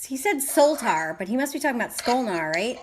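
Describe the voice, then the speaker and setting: A woman's voice: fairly high pitch, very animated, fairly quick. A woman hosting a casual game livestream, chatting with friends, laughing often and reading the chat aloud. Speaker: livestream host and clan leader.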